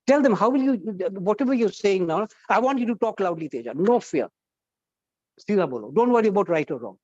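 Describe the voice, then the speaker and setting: A man's voice: high voice, animated, brisk, darkish tone, no room sound, lo-fi sound. A man leading a college workshop, coaxing students and firing questions at the class. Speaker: guest trainer at a college workshop. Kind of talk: interactive classroom talk.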